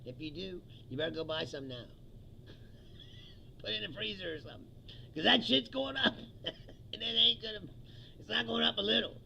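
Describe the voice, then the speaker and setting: A man's voice: sits high, normal speed, creaky, long pauses, bright, forceful tone, a little hiss or hum. A man hosting a livestream, giving a casual, profane political rant with sarcastic asides and chuckles at his own jokes.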